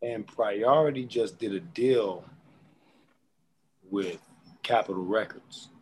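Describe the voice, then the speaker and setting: A man, a rapper guest, telling stories in a relaxed interview, animated and full of slang. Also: fairly low pitch, slight background noise, low-quality recording. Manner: animated, acts out quotes and beatboxes; drawn-out slang-heavy delivery. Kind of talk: casual storytelling interview.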